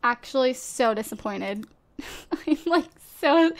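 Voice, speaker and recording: A woman's voice: high-pitched, a little slow, fairly bright tone. A woman giving casual, chatty gameplay commentary straight to her viewers, recorded on a desktop USB microphone at home. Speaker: let's play host.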